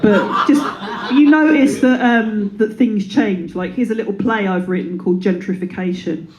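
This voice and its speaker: A woman's voice: mid-range voice, normal speed, a little mellow, muffled recording. A woman in her thirties performing a stand-up comedy set, playful and self-deprecating, slipping into silly voices. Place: comedy club before a live audience. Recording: live room with audience laughter.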